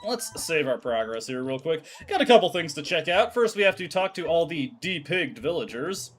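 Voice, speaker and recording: A man's voice: fairly high pitch, very animated, normal speed, hardly any pauses, soft background music. A man streaming a game, making wry, joking asides and reading dialogue aloud. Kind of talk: casual gameplay commentary, reading dialogue aloud.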